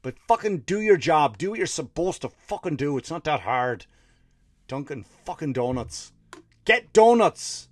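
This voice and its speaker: A man's voice: on the high side, animated, fairly quick, few pauses, darkish tone, no room sound. An Irish man who hosts a comedy podcast, telling a rambling story with profanity and fired-up rants. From Ireland. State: tired after running 50 miles (story).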